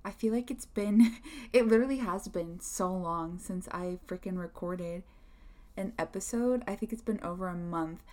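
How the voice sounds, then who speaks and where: A woman's voice: on the low side, normal speed, a little mellow. A young adult woman hosting her own podcast, chatting casually and rambling with lots of filler words. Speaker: podcast host. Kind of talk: casual solo podcast chat.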